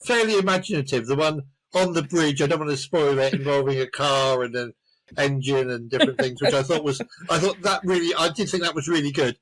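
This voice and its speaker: Wry sarcastic guy reviewing a movie, a bit husky. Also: fairly high pitch, fairly quick, fairly bright tone, low-quality recording. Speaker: film reviewer. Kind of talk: casual film review chat.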